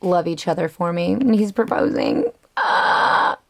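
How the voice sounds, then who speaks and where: A woman's voice: on the low side, normal speed, creaky, warm tone, slight background noise. A young woman in her twenties chatting casually in a reading vlog, reacting dramatically and gushing about a book. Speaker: book vlogger.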